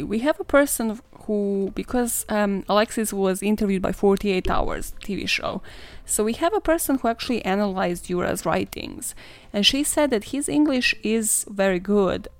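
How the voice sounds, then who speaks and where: Gravelly-voiced woman telling true crime. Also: medium pitch, dry recording. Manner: profane, sarcastic, laughs often. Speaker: podcast host. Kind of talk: casual true-crime storytelling.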